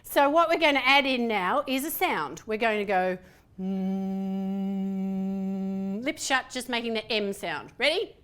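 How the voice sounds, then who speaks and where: A slightly high-voiced woman running a group voice workshop. She is lively and playful, and she counts breaths slowly while cueing every step of the exercise. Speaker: voice workshop presenter. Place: room with a participating group.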